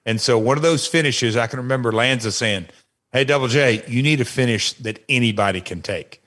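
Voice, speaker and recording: Male podcast co-host, mid-pitch, halting anecdotal delivery full of restarts. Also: fairly bright tone. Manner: rambling, halting, many fillers and restarts. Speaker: podcast co-host, former wrestler. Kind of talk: casual storytelling chat.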